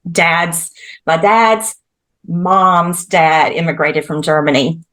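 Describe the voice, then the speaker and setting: A woman joins a podcast as a guest. She chats in an easygoing way and laughs often. Her voice is fairly low for a woman. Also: steady tone, takes it slowly, a bit bright. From Southeastern United States. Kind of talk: casual chat.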